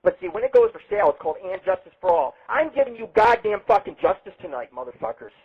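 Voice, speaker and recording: A brash, boastful man hosts a rambling live internet radio show, cursing freely as he goes. His voice sits a little high and comes through husky. The sound is thin and tinny, like it's passing over a phone line. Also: wildly swooping pitch, fast. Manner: brash, boastful and heavily profane. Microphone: webcam setup.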